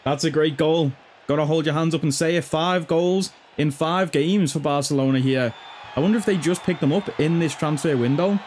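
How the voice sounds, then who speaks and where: Excitable gamer lad. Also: male voice, on the high side, normal speed, a little hiss or hum. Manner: excitable, swears freely, shouts at the game. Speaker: gaming YouTuber. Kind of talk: excited live gameplay commentary.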